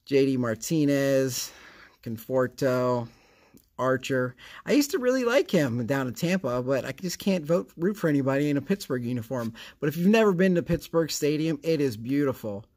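A man's voice: mid-range voice, animated, normal speed, a little mellow. A man hosting a casual card-opening vlog, chatty and rambling, with a sarcastic streak. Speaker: card collecting channel host.

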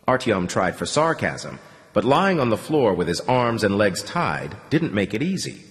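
A man narrating an audiobook in a dramatic, expressive reading style. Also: on the low side, moderate pace. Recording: long reverb on the voice.

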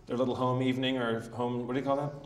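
A man's voice: mid-range voice, flat delivery, rapid-fire, a little hiss or hum. A man co-hosting a live podcast, stammering and repeating words as he asks questions. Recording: echoey live room, mic at a distance.

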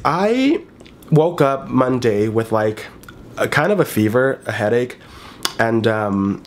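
A man in his twenties, sick with a congested cold, chatting animatedly at home in a casual vlog and swearing freely. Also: mid-range voice. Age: 20s. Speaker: YouTuber.

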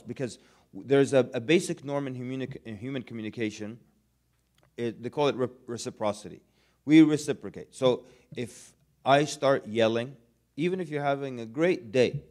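A man delivering a relaxed, humorous religious lecture to students, chatting conversationally and acting out little everyday scenes. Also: medium pitch. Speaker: Islamic lecturer.

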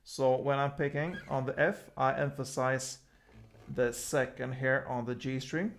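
A man teaching a guitar lesson in a casual, relaxed way, calling out chords and explaining how to pick the strings. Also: mid-range voice, creaky. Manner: slow, relaxed explaining between chord names. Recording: guitar playing loudly behind the voice.

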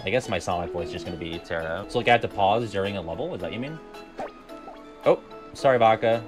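A man's voice: lowish voice, quick pace, over music. A man streaming video games, talking through the play in a casual, profane way and often laughing at himself. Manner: animated, profane, laughs often, self-deprecating. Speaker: game streamer. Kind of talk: casual gameplay commentary.

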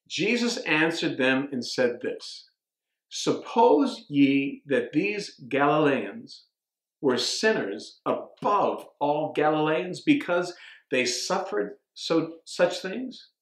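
A man preaching a sermon in a room with a clear echo. His voice sits a little high for a man, and he stumbles through repeated words and restarts as he reads verses aloud. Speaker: pastor.

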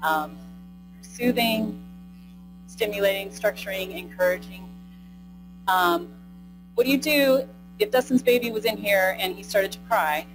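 A woman's voice: medium pitch, a little slow, pauses often, music in the background, poor audio. A woman giving a live training lecture, speaking conversationally, tagging "right?" onto her points and asking the audience questions. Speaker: presenter. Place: conference room with a live audience.

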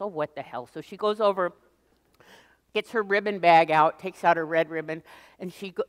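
A woman's voice: on the low side, clear, resonant tone. Woman lecturer, joking storyteller, clean resonant voice, big echoing auditorium. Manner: lively, chatty storyteller who jokes with the audience. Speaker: guest lecturer. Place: lecture hall stage. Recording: long reverb of a large hall.

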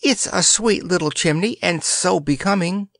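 A man's voice: high-pitched, moderate pace, fairly bright tone, no room sound, studio quality, pitched above the performer's own voice. A man doing a sweet little flower maid.

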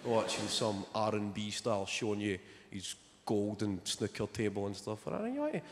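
A man's voice: lowish voice, animated, normal speed, a little hiss or hum. A young man doing stand-up comedy on stage, with dry, sardonic storytelling. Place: theatre stage before a live audience. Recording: large hall with loud audience laughter.

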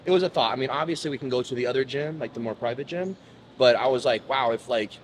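A man's voice: medium pitch, quick pace. A man hosting a casual vlog, chatty and upbeat, talking at a hotel breakfast buffet. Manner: chatty, upbeat, says "bro" and "like". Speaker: vlog host. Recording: busy crowd noise behind. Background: loud crowd chatter.

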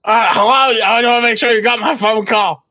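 A man voicing an excitable, bumbling tenant in an improvised game role-play, stammering and flustered. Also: fairly high pitch. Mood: exasperated. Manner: stammering, flustered, quick to laugh. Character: bumbling, excitable male city tenant Jimmy.

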